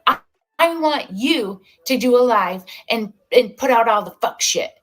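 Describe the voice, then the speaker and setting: Ranting woman streamer, taunting call-outs, swooping lively pitch, slow deliberate delivery. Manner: confrontational, taunting, repetitive. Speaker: livestreamer in a played clip.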